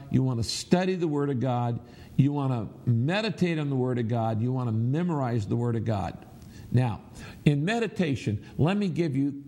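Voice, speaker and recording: In a mellow, mid-range voice, a middle-aged pastor instructs his congregation during a sermon and has them recite words back aloud. He drives points home emphatically by saying phrases again and again.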